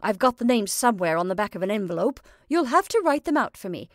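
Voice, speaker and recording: A woman's voice: mid-range voice, very animated, fast talker, no echo, clean studio sound, close to an everyday voice. A woman reading a story aloud, voicing a fussy, scatterbrained middle-aged mother giving orders. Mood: bossy, flustered. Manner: scatterbrained, bossy, dreamy.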